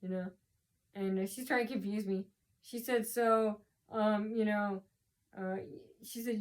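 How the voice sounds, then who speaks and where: A woman's voice: mid-range voice, fairly even intonation, measured pace. A worn-out woman recounts a personal run-in in a loose, rambling vlog. She circles back on herself with fillers, restarts and repeated phrases, and sounds short on sleep. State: tired from lack of sleep. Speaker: vlogger.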